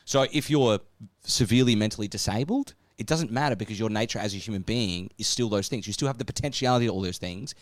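A man with a lowish voice talks through an idea in relaxed conversation, leaning on "like" and "right?" as he goes. The recording is dry and close, with no room sound. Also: fast, dry recording. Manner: explanatory, filler-heavy, says "like" and "right?" often. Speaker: podcast co-host explaining catechism. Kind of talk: casual discussion.

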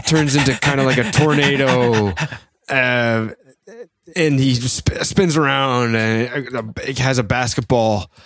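A man hosting a casual comedy chat, reading his own strange script aloud in a halting, playful way. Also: medium pitch, steady tone, a bit bright.

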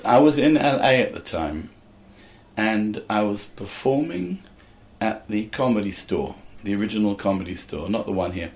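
A man's voice: fairly low pitch, animated, moderate pace, darkish tone. Older man telling dry stage anecdotes. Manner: anecdotal, dry, acts out quoted lines. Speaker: comedian guest. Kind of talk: casual conversation, storytelling.

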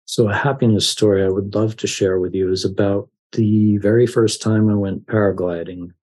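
A man guest on a podcast, telling a personal story in a lively way and acting out his own fear with laughs. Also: lowish voice, moderate pace, slightly rough. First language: English. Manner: animated, laughs while telling, acts out his own panic. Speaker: life coach, podcast guest. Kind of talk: conversational storytelling.

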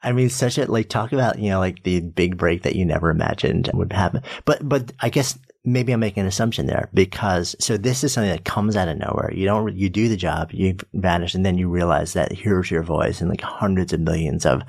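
A man interviewing a guest in a casual, curious way, with quick asides. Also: low voice, gravelly, a little mellow.

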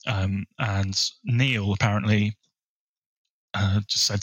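A man co-hosting a podcast, chatting casually about a film and sharing bits of research in a relaxed way. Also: lowish voice, normal speed, no room sound, low-quality recording. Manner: relaxed, shares researched trivia. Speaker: podcast co-host.

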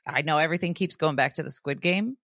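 A young woman co-hosting a podcast chats casually in a low, fast, somewhat bright voice, recorded dry with studio quality. She sounds hesitant, leans on filler words, and drops slangy asides like "dude."

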